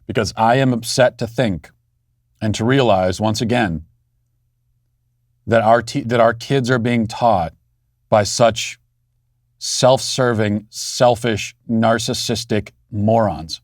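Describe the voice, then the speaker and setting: A man's voice: on the low side, takes it slowly, pauses often, no room sound, studio quality. A man hosting a political commentary show, talking in a sarcastic, mocking monologue and putting on sneering voices for the people he quotes.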